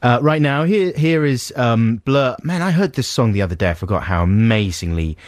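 A man's voice: medium pitch, expressive, moderate pace, no room sound, clean studio sound. A man co-hosting a radio show, telling a rambling, self-mocking story full of "um"s and "uh"s in casual chat. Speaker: radio co-host. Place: radio studio. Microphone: close studio microphone.

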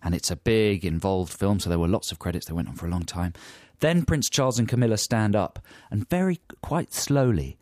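A man's voice: on the low side, expressive, fairly quick, hardly any pauses, darkish tone, no room sound, clean studio sound. A man, co-hosting a comedy chat show and telling a long, self-mocking anecdote. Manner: rambling, self-mocking storyteller. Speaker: radio comedy co-host.

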